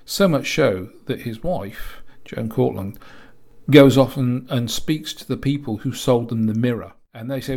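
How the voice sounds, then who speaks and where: Guy rambling about an old film, mid-pitched voice, lots of restarts. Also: a little slow, a little mellow. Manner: rambling, chatty, with many restarts and asides. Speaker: film reviewer. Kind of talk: casual film review.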